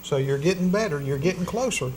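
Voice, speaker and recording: Relaxed man co-hosting a dinner chat. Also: on the high side, a little hiss or hum, rough recording. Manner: relaxed, halting, with fillers and repeats. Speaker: cooking show co-host. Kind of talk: casual chat over dinner.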